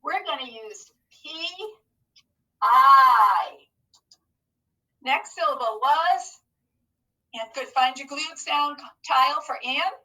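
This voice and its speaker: A woman with a high, bright voice leads young children through a phonics lesson. She takes her time, spells each letter out slowly and praises their answers. Her voice sounds a little distant from the mic. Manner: slow, clearly enunciated, encouraging teacher talk. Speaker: teacher.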